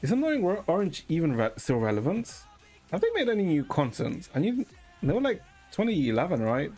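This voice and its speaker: Male streamer, deadpan and rambling, slightly high voice. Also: fairly quick, faint music behind. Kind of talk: casual chat with viewers.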